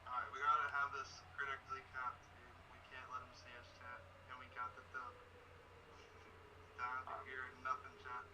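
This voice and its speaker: A man's voice: mid-range voice, completely flat delivery, fast talker, hardly any pauses. A man chatting casually and laughing easily while playing a game with friends over voice chat. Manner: laid-back, laughs a lot. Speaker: fellow player. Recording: distant voice-chat mic with background noise.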